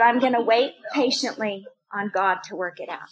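A woman's voice: on the high side, brisk, few pauses. An older woman teaching a women's Bible study, earnest and personal, repeating phrases for emphasis. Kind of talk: sermon.

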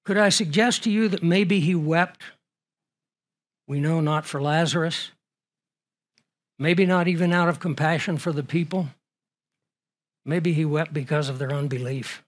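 A man delivers a sermon in a fairly high voice. He is earnest and works through rhetorical questions, letting his volume swell and then drop low for emphasis. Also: measured pace, long pauses. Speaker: preacher.

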